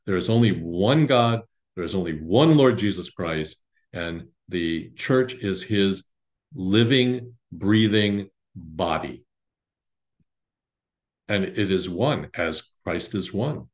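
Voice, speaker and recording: Deep-voiced priest giving a halting parish talk. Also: male voice, lively intonation. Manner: halting, many restarts and fillers, conversational. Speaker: Orthodox priest. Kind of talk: informal parish teaching talk.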